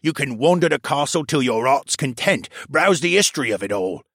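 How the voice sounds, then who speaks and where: A man voicing a gruff, spiteful older male pub owner who rants and growls at people. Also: medium pitch, expressive, brisk, fairly bright tone, no room sound, studio quality, pitched above the performer's own voice. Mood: scheming.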